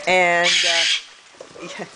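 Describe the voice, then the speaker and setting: Speaking very slowly in a fairly low, monotone voice, a middle-aged woman addresses her pet birds with sing-song baby talk and frequent laughs. The clip comes from a handheld camera on a rainy porch, its noisy outdoor sound carrying rain and birds.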